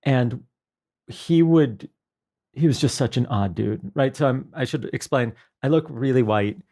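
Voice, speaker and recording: A man's voice: mid-range voice, a little slow, dark tone. Throaty, self-deprecating male guest. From New York. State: throaty, hoarse voice. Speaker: podcast guest. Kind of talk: casual interview chat.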